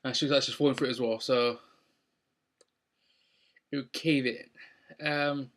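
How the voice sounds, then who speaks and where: A man's voice: medium pitch, fairly even intonation, moderate pace, fairly bright tone. A young man recapping a wrestling show in a casual, rambling way with lots of ums. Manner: rambling, many ums and restarts.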